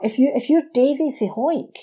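A woman with a mellow, warm voice talks through history in a relaxed podcast conversation. She tells it like a lively story and slips into the voices of the people she quotes. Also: sits high, moderate pace. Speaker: guest explaining history. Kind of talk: casual history podcast chat.

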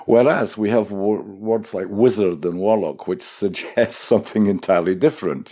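A man's voice: lowish voice, moderate pace, hardly any pauses, warm tone. A man interviewing a guest, asking questions in a conversational way.

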